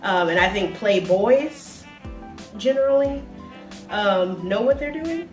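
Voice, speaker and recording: A woman's voice: medium pitch, animated, slow. Woman, forties, vlogger, casual rambling chat, roomy echo, faint music behind. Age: 40s. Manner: rambling, chatty, many fillers. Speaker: travel vlogger. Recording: echoey room, mic far off, faint music.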